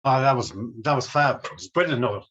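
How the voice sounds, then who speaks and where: A man's voice: mid-range voice, lively intonation, a little fast, fairly bright tone. A middle-aged Irish man, a musician guest, telling stories about his career with enthusiasm. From Ireland. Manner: enthusiastic, storytelling. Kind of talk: casual interview chat. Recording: dull lo-fi audio.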